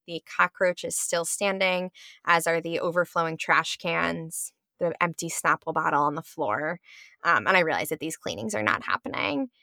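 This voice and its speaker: A woman's voice: on the low side, pushed and bright, no echo, clean studio sound. A young woman, a public school teacher, telling a personal story at home in a conversational way, with frequent ums and likes. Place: her home.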